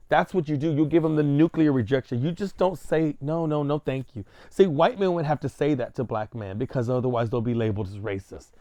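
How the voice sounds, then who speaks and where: A man hosting his own vlog, ranting in a blunt, crude, provocative monologue with sudden jumps in pitch. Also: darkish tone, dry recording, muffled recording. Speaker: vlog host.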